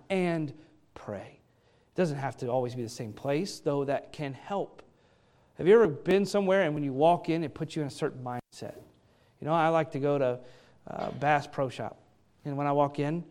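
A middle-aged man delivers a sermon in an earnest, conversational way, asking his listeners question after question. His voice sits a little high for a man. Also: darkish tone. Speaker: pastor.

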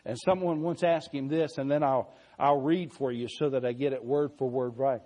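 A man preaching a sermon, reading scripture slowly and deliberately, swelling louder on key phrases and dropping soft. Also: mid-range voice, steady tone.

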